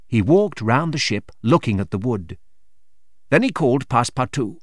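A man clearly narrating a simple storybook for learners. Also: medium pitch, very animated, normal speed, dry recording, studio quality.

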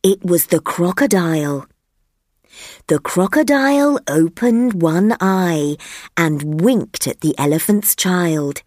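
A woman narrating a children's story for language learners, slow, clear and expressive. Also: fairly low pitch, dry recording, clean studio sound. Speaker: narrator of a graded reader.

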